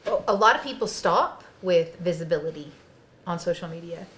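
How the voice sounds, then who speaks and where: A woman's voice: fairly low pitch, normal speed, fairly bright tone. A woman co-hosting a podcast, talking in a thoughtful, casual way in an office conference room. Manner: thoughtful, talks in lists and frameworks. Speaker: podcast co-host.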